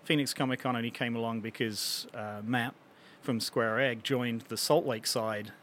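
A man's voice: medium pitch, fairly even intonation, normal speed, fairly bright tone, slight background noise. A man chatting casually on a panel, rambling and wry as he talks. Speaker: convention panelist and vendor.

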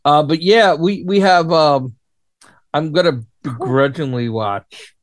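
A man's voice: fairly high pitch, slow, dry recording. A sleep-deprived man co-hosting a casual pop-culture podcast, fidgety and offhand, mostly giving short replies. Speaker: podcast co-host.

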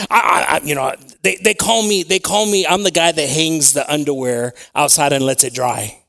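A man preaching a sermon to his congregation, moving between quiet prayer, personal stories told with acted asides, and loud, shouted preaching. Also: on the high side, moderate pace, gravelly, few pauses. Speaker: pastor.

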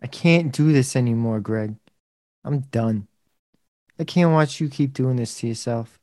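A man playing an upset, slow-talking sidekick. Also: mid-range voice, mellow, no echo, clean studio sound, lightly acted. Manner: upset, pleading.

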